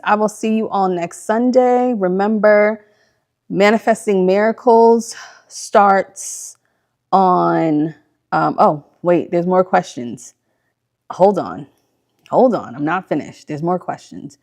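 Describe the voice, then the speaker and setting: A woman's voice: mid-range voice, expressive, takes it slowly, darkish tone. Chatty woman hosting a spiritual livestream. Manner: bubbly and chatty, many likes and ums, gushing. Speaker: host of live spiritual Q&A stream. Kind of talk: casual livestream chat answering viewer questions. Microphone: computer mic.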